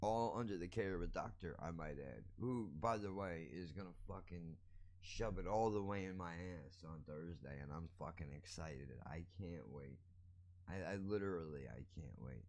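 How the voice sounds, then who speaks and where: A man's voice: low-pitched, normal speed, a little mellow. A man hosting a podcast, giving a blunt, profane, ranting monologue. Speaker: podcast host.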